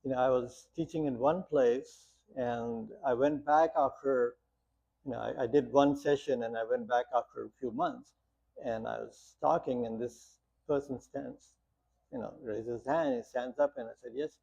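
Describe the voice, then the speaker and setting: A man with a medium-pitched, steady voice, warm, gravelly and husky, speaks at normal speed while teaching a meditation class. He talks plainly, using many rhetorical questions and short stories, and the recording is muffled and lo-fi.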